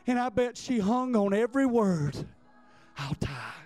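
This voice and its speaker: A man preaching a sermon with passion, often repeating words and building up to near-shouts. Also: high voice, very animated, measured pace, soft background music.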